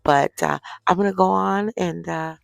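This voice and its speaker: In a creaky voice on the low side, a middle-aged woman vlogger chats at a moderate pace about her day while getting ready for bed at home. The recording is dry and the audio quality is poor.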